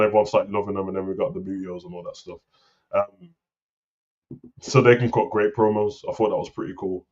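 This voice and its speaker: A man co-hosting a wrestling talk show, rambling and animated in casual slang. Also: lowish voice. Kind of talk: casual chat. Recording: slightly dull lo-fi sound.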